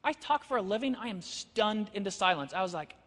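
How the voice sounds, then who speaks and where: A man telling a story as a speaker, animated and acting out the dialogue. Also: high voice, fairly quick, in a large hall. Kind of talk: storytelling sermon.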